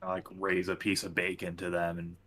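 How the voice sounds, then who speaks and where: A man in a tabletop game trades dry jokes with the table and slips into his character's lines. His voice sits low, with a bright, clear top to it. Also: completely flat delivery, a little fast, a little hiss or hum. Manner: dry, joking. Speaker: player. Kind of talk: casual tabletop role-play.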